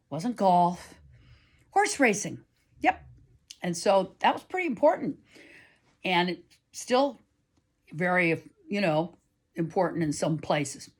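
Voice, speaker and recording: A woman telling a personal story aloud to listeners in a chatty, animated way. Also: medium pitch. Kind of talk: live oral storytelling.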